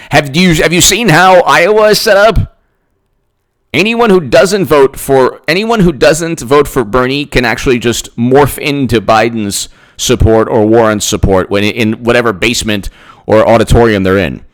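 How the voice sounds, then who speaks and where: A man's voice: mid-range voice, measured pace. A man hosting his own political commentary channel, ranting sarcastically, repeating himself and mocking others in put-on voices. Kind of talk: rambling solo political rant.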